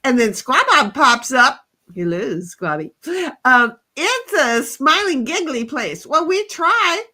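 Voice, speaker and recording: A woman's voice: high-pitched, very animated, takes it slowly, sharp tone. A woman co-hosting a casual chat stream, joking and reading out viewer comments in drawled voices, talking into a desk mic. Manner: chatty, jokey, puts on drawling voices for commenters. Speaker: co-host of a chat livestream.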